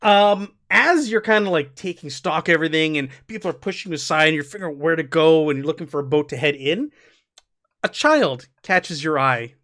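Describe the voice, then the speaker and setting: A man's voice: a little high, expressive, fairly quick, fairly bright tone. A man narrating as game master of a tabletop game, describing scenes loosely with many fillers.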